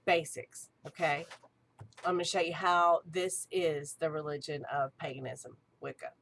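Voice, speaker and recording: A woman's voice: low voice, steady tone, a little slow, fairly bright tone. A woman, an archpriestess and ritual director, giving an eager, chatty teaching talk.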